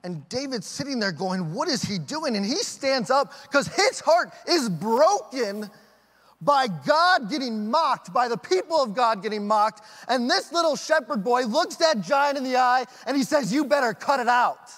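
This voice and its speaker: High-voiced pastor guy preaching, lively storytelling, long echo in the church. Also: a little slow. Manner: animated storytelling with acted quotes. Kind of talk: sermon.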